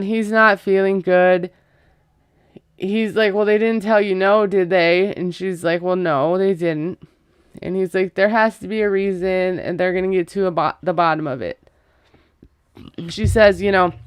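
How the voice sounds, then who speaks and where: A woman's voice: mid-range voice, clean tone, no room sound, clean studio sound. Sarcastic gossipy woman recapping. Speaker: TV recap vlogger. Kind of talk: casual chatty recap.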